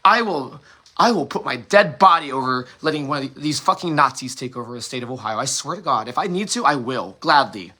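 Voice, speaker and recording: Angry, bright-voiced man ranting. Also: mid-range voice, animated, brisk. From United States. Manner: angry, profane ranting with restarts. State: emotional, sighing. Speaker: host. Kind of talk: emotional monologue.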